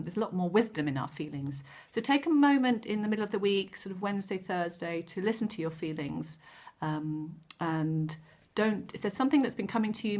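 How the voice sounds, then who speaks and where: A woman giving a gentle, encouraging weekly card reading, with frequent ums and self-corrections. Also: lowish voice. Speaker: tarot card reader.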